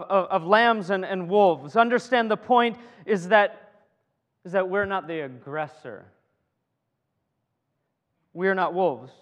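Animated high-voiced preacher in a reverberant hall. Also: male voice, lo-fi sound. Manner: animated preaching, repeats words, jokes with the congregation. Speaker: pastor. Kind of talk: sermon.

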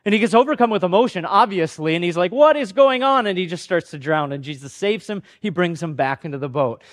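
A man's voice: fairly high pitch, fast talker. A man preaching a sermon in a conversational, self-deprecating way, acting out the voices of the people he quotes. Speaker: pastor.

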